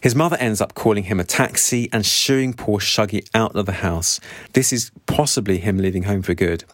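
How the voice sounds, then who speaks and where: Man, low voice, earnest book summary, dry close sound. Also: moderate pace, fairly bright tone, dry recording. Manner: earnest, sympathetic asides. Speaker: book reviewer.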